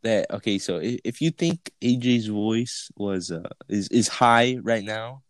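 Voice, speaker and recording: A man co-hosting a podcast, telling stories in a quick, joking way and laughing often. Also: fairly low pitch, no echo. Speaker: podcast co-host. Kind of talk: casual chat.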